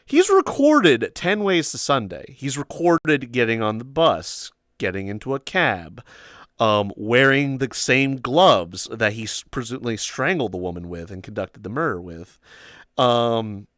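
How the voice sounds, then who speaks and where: A man tells a story on a casual livestream, rambling from one tangent to the next, with bursts of laughter and plenty of swearing. His voice sits at an ordinary mid pitch, and the recording sounds dry and close, with little room around it. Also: no echo. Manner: rambling, animated, laughing, cursing. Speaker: livestream host.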